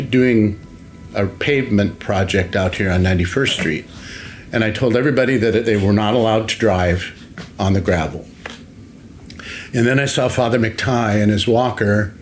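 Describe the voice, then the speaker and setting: Older man telling stories, low voice. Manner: anecdotal, unhurried, many fillers and acted-out quotes. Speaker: longtime school facilities director. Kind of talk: interview storytelling.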